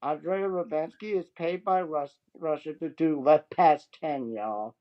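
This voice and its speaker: A man's voice: on the high side, unhurried, dull audio. A man from the Southeast, chatting casually and joking as a guest on a live stream over a remote call. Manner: joking, laughs often. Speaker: guest debater.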